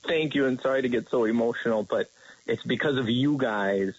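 A man's voice: medium pitch, brisk, breathy edge, no room sound, muffled recording. A man calling into a radio show, choked up and thankful. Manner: emotional, thankful. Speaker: caller.

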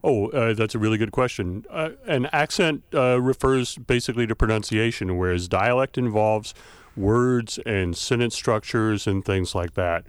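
Academic guest, male, light Southern accent, lowish smooth voice, dry studio sound. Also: moderate pace, no room sound. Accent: light Southern American. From Southern United States. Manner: thoughtful, frequent uh fillers, academic. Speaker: linguistics professor guest. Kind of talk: explanatory interview answers.

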